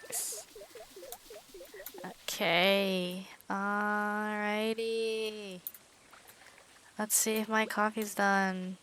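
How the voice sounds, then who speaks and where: A woman streaming a game in casual let's-play commentary, chatty and talking through each of her moves with quick self-aware asides. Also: medium pitch, little pitch movement, a bit bright.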